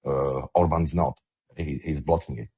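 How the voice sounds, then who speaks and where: A man with a Slovak accent speaks English in an online audio discussion, emphatic and often repeating words as he finds his phrasing. His voice sits extremely low and has a husky, breathy grain. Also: fairly even intonation, normal speed, dark tone. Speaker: guest commentator.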